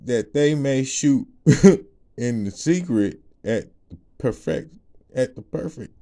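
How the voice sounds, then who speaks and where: Man, mellow voice, casual rambling testimony, laughs a lot, slangy, repeats "you know what I'm saying". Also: a little high, expressive, slow, long pauses. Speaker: ministry speaker.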